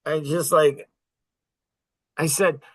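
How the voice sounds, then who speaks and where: A man in his sixties telling a story in a casual podcast chat, rambling and halting, with many fillers and restarts. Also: on the high side, steady tone, fairly bright tone, poor audio.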